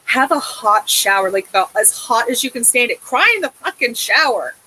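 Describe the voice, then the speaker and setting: A woman's voice: a little high, expressive, normal speed, bright, forceful tone, husky, low-quality recording. A woman giving a tarot reading in a casual, emotive way, swearing often and checking in with a soothing "okay?". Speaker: tarot reader.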